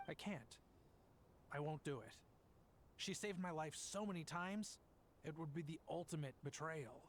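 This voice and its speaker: An actor playing a guilt-ridden father in a game, pleading in a flat way. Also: a little high, a little slow, slight background noise. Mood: conflicted. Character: torn, guilty young father.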